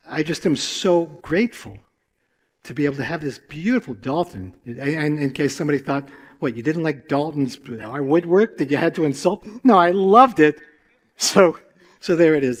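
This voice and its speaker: Chatty older storyteller in a reverberant hall. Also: male voice, fairly high pitch. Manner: chatty, asks the audience questions. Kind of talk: live stage storytelling. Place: festival stage before a live audience. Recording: long reverb from a large hall.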